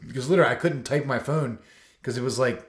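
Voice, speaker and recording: Brief: male guest, coach, mid-pitch, spins rambling anecdotes with loads of fillers and acts out the quotes, echoey room. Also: fast talker. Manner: loose and rambling, full of "you know" and "like", acts out quotes. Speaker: coach and foster dad, interview guest. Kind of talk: casual storytelling in a podcast interview. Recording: roomy echo.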